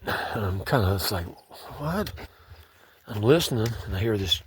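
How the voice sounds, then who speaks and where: A man's voice: lowish voice, a little fast, noisy background. A man telling a story in a laid-back, conversational way, often saying "man". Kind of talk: casual spoken storytelling.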